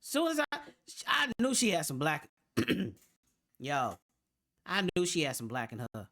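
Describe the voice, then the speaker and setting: A woman hosting a reaction video, talking in a drawn-out, animated way and circling back to repeat her points. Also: deep voice. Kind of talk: casual reaction commentary.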